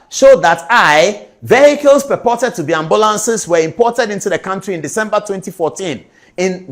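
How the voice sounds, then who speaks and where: A man with a Ghanaian accent hosting a TV talk show, emphatic and animated, reading documents aloud and commenting on them. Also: fairly high pitch.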